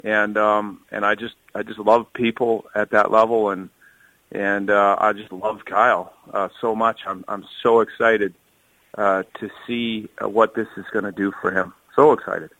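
A man's voice: on the low side, flat delivery, moderate pace, a bit bright, no room sound, poor audio. A man speaking earnestly and emotionally in a phone interview, often repeating words as he searches for them. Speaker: kidney donor, firefighter. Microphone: phone call.

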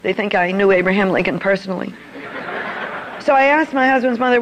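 A woman's voice: medium pitch, fairly quick, slight background noise, rough recording. An older woman telling a personal story to an audience in a confiding manner. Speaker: speaker. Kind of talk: storytelling talk.

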